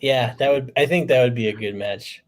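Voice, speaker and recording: A man's voice: medium pitch, brisk. Easygoing male guest from the Southwest, casual chat tone. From American Southwest. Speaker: podcast guest.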